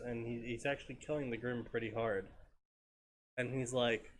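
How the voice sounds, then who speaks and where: A man hosting a casual show, reading fanfiction aloud in a deadpan, sarcastic way and swearing freely. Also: medium pitch, moderate pace, a little hiss or hum.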